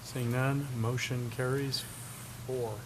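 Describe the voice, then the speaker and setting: A man chairing a public meeting, running votes in a brisk procedural way. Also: mid-range voice, little pitch movement. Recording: noisy, distant meeting-room mic.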